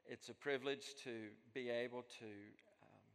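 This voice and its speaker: A man preaching a sermon as pastor, speaking earnestly, building up and then dropping to a soft voice. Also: medium pitch, steady tone, moderate pace. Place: church. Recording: long echo of a large hall.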